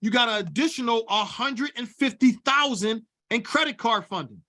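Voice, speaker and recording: A man's voice: very high-pitched, expressive, normal speed, pushed and bright. A man coaching on business funding, preachy and fired up, repeating lines for emphasis and calling his audience y'all. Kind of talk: fired-up teaching at a whiteboard.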